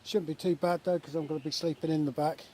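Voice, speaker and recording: Relaxed chatty man camping outdoors. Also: a little high, quick pace. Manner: relaxed, chatty, many fillers. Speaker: vlogger. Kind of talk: casual camping vlog. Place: woodland camp outdoors by a river. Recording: outdoor recording with faint nature noise.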